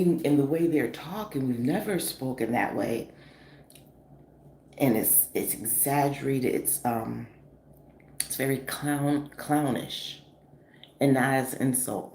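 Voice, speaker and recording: Woman in her forties, northeastern US, casual storytelling vlog, animated and profane, echoey room, faint hiss. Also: a bass voice. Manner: animated, chatty, profane, with frequent fillers. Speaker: vlogger.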